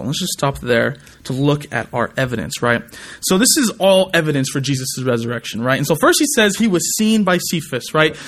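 A man's voice: fairly high pitch, fairly bright tone. A young man preaching a sermon in a conversational way, often asking the congregation to respond. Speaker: pastor.

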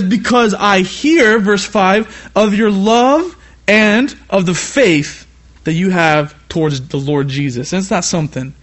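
A young youth pastor from California preaches a sermon in a high-pitched voice, recorded on an iPad. He alternates between animated preaching and chatty personal asides, repeating "you know" constantly.

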